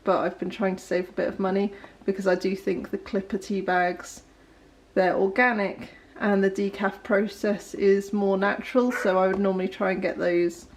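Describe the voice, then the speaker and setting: In a relaxed kitchen vlog about her day, this young woman chats and rambles, sprinkling in plenty of ums and small laughs. Her voice is mid-range and her pace moderate.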